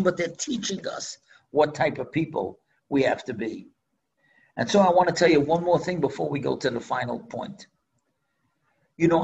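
A man's voice: mid-range voice, gravelly, muffled recording, a little hiss or hum. An older man, a rabbi, preaching earnestly and telling a story, with Hebrew phrases woven in. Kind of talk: sermon with storytelling.

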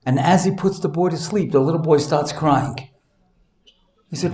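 Man telling stories in an echoey room. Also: normal speed. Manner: animated storytelling, voices the child in a high pitch. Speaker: speaker telling stories to an audience. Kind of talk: storytelling talk.

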